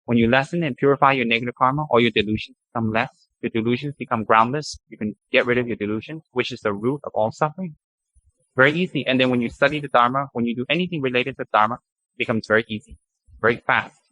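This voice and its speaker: A man teaching a Buddhist practice, chanting long mantras slowly and then explaining them in a lively, joking way. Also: medium pitch, dry recording, rough recording.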